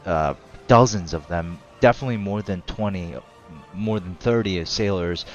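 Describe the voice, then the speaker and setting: A man's voice: lowish voice, dull audio. A man narrating as game master of a tabletop game, laid-back and hesitant, often laughing.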